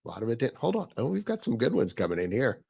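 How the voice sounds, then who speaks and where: A man's voice: medium pitch, wildly swooping pitch, fast talker, gravelly, dark tone, breathy edge. A man co-hosting a radio show, reacting with enthusiastic interjections in casual music chat. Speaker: radio co-host.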